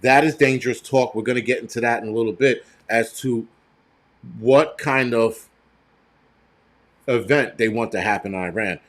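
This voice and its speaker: A man's voice: medium pitch, moderate pace, pauses often, fairly bright tone. Blunt, profane American man. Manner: blunt, profane and rambling, talking straight to viewers. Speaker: prepper channel host. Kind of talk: casual live-stream commentary.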